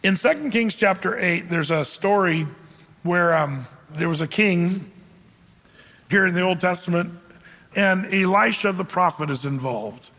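A man with a high, bright voice preaches a sermon in a lively, animated way. He reads scripture and then jumps into jokey asides, acting out the people in the story. His voice rings with a long reverb, as in a big hall. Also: a little slow, vocal fry. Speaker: pastor.

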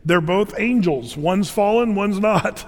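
Male pastor, high pitch, chatty sermon delivery, lots of fillers, reverberant church room. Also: takes it slowly. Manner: conversational, filler-heavy, animated emphasis.

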